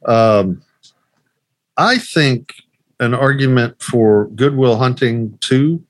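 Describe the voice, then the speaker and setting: On a casual movie podcast, a male co-host works through lists in a rambling way, with plenty of ums and restarts. His voice sits mid-range, with lively intonation and a slow pace.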